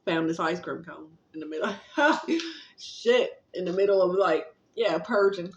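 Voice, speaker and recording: A woman vlogger giving a casual, rambling spiritual pep talk, gently encouraging and affectionate, with plenty of fillers and a little casual swearing. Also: on the low side, moderate pace. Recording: roomy, slightly dull recording.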